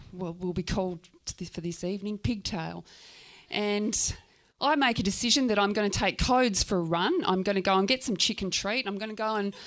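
A woman from Tasmania with an Australian accent, telling a personal story to an audience in a frank, animated way, swearing freely and acting out scenes. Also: medium pitch.

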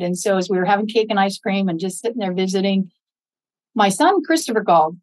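A woman's voice: mid-range voice, no room sound, poor audio. Earnest woman telling a faith story. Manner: earnest, faith-filled, animated when quoting others. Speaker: podcast guest, Gold Star mother. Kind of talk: interview storytelling.

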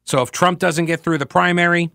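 Opinionated talk radio host, dry studio sound. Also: male voice, high voice, fairly even intonation, brisk, gravelly, bright, forceful tone, dry recording. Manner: opinionated, rambling, reads listener emails aloud. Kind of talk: conversational political talk radio.

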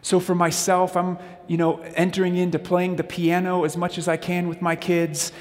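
A man delivers a sermon-style talk on parenting, speaking a little higher than most men. He tells stories in a loose, conversational way and addresses the audience directly. His voice rings out with the long reverb of a large hall. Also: completely flat delivery, moderate pace.

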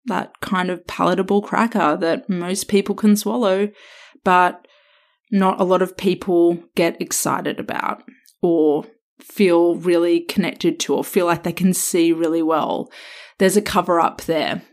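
A woman hosting a self-help podcast, talking straight to the listener in an emphatic, coaching way with drawn-out stresses. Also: lowish voice, steady tone. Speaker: podcast host and counsellor.

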